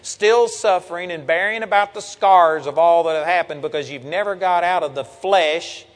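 A man's voice: high voice, moderate pace. Older male preacher, echoing hall. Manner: earnest, folksy preaching with Bible reading. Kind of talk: sermon.

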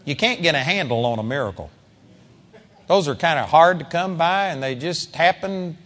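A man's voice: a little high, expressive, normal speed, a bit bright, big-room sound. A man preaching a sermon in a conversational style with dramatic emphasis.

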